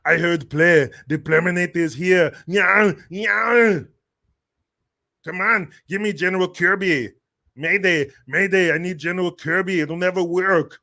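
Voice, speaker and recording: Dude doing a cocky action-hero strongman bit, mocking and blustery, a bit high. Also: measured pace, gravelly, bright, forceful tone, full character voice. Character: boastful action-star strongman impression.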